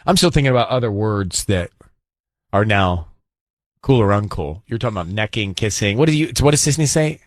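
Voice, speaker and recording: Man, radio host, joking banter, very animated pitch, dry studio sound. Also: dry recording. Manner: joking, teasing, quick laughs. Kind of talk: casual morning radio banter.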